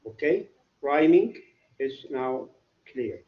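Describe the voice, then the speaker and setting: Slow, male teacher in echoey classroom. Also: mid-range voice, very animated, muffled recording. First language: Arabic. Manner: repetitive, quizzes students with "what?". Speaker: English literature teacher. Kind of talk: classroom lecture.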